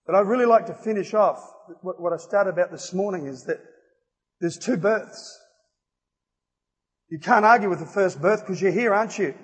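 High-voiced preacher, husky. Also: male voice, normal speed, long pauses. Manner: emphatic, rising to loud exclamations. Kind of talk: evangelistic sermon. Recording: reverberant hall.

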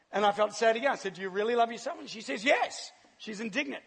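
A man with a New Zealand accent preaches and tells his own story in an animated, laughing way. His voice sits high and sounds husky. It rings out with a long reverb, as if in a large hall. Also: very fast, hardly any pauses. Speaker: church speaker. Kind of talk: sermon with personal testimony.

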